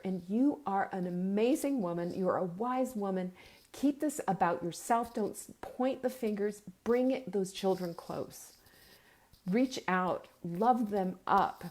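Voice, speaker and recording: A woman's voice: medium pitch, unhurried, darkish tone. A middle-aged woman hosting a live meal-planning show, giving an earnest, urging pep talk, at times tearful.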